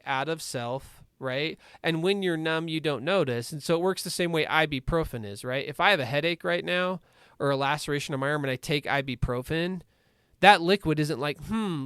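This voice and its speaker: A man in his forties, a recovery coach, talking in a casual podcast interview with lively stories and many asides. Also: fairly high pitch, smooth, no echo, studio quality. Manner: animated storytelling with many asides, "like" and "right?".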